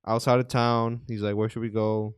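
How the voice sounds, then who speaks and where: A young man, co-hosting a podcast and telling an animated story with lots of swearing. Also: lowish voice, normal speed, smooth, no echo, clean studio sound. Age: young adult. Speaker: podcast co-host. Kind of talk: casual chat.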